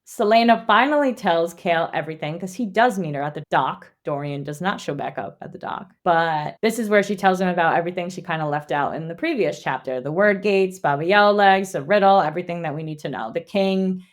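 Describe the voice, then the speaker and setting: A woman co-hosting a book club podcast, reading a plot summary and then chatting in an animated way, laughing and swearing. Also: on the low side, a little fast, few pauses. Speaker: podcast co-host. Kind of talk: read summary and casual book chat.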